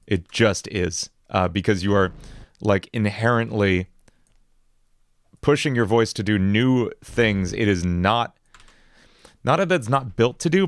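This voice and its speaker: A man with a slight New York accent chatting casually on a livestream, animated and playful, often breaking into odd vocal noises. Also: fairly low pitch, no room sound. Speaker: music streamer.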